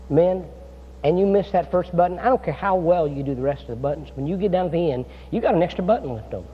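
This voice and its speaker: A man preaching a chapel sermon as a guest preacher, folksy and storytelling, with many filler "uh"s. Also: sits high. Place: seminary chapel. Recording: dull sound in a reverberant hall.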